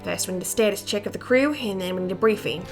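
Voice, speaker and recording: A woman reading the lines of a cold, commanding male director from a game, in calm, clipped orders. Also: mid-range voice, fast, faint music behind, lightly acted. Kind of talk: reading game dialogue aloud.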